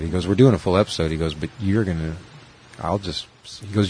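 A man's voice: low-pitched, animated, quick pace, gravelly, darkish tone, a little hiss or hum. A man co-hosting a podcast in casual chat, rambling and swearing, acting out other people's lines as he retells a story. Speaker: podcast co-host.

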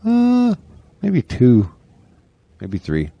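A man from the US Northwest co-hosting a casual podcast chat, joking with a dry deadpan delivery. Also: medium pitch, very slow, vocal fry, lo-fi sound, slight background noise. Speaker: podcast co-host.

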